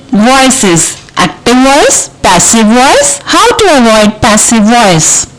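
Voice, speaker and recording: A woman's voice: fairly high pitch, a little hiss or hum, rough recording. A young woman with an Indian accent teaching a recorded English lesson. She explains patiently and asks rhetorical questions, then answers them herself.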